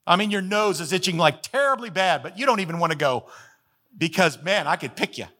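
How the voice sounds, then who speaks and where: A man's voice: sits high, lively intonation, a little fast, bright, forceful tone. A man preaching a sermon as the pastor, folksy and emphatic, repeating phrases to drive points home.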